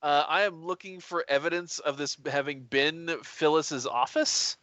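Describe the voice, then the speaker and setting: A man's voice: on the high side, a little slow, a bit bright, no room sound. A man playing in a tabletop game, rambling with many fillers and restarts. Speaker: player. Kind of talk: tabletop role-play chat. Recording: dull dry mic sound.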